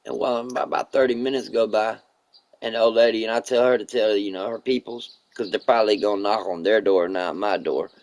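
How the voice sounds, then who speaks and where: A fast-talking man with a fairly low voice tells a profane, meandering story during a casual live stream chat, animatedly quoting the other people involved. The audio has no echo.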